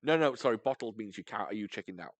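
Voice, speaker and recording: A man's voice: lowish voice, fast, no room sound. A young British man co-hosting a casual podcast, telling stories with lots of laughter and acted-out quotes. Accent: British, not London. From Britain. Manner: animated storytelling, laughs often, acts out quotes. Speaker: podcast co-host.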